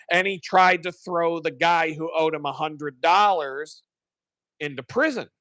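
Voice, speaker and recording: A man's voice: high-pitched, bright, forceful tone, no echo. A man hosting a live stream, casually retelling a sermon in a rambling, profane way and correcting himself as he goes.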